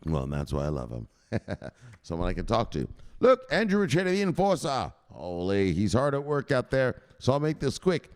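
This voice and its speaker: A man hosting a crypto news show as a casual livestream, hyped and profane, shouting out viewers. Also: mid-range voice, wildly swooping pitch, moderate pace. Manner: talks straight to viewers, gives shout-outs. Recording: echoey room with long reverb.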